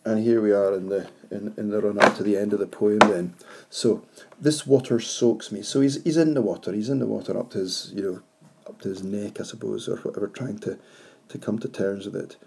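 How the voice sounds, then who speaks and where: A man's voice: fairly low pitch, fairly even intonation, a little fast, gravelly, heavy background noise. A man, teaching poetry analysis to his class, reflective and posing questions to his students.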